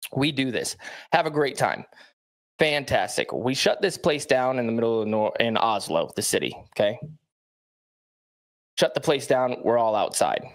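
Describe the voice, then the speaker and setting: A man's voice: medium pitch, moderate pace. Blunt, emphatic male athlete recounting. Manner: blunt, emphatic, keeps checking in with "okay?". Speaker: professional athlete telling his story. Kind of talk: storytelling in a played clip.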